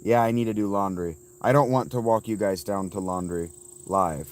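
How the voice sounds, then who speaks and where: A man's voice: lowish voice, normal speed. Chatty man in his fifties, livestreaming outdoors. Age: 50s. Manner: rambling, chatty, reads out viewer names. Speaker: livestream host. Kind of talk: casual livestream chat with viewers. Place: outdoors by a fountain. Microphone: phone.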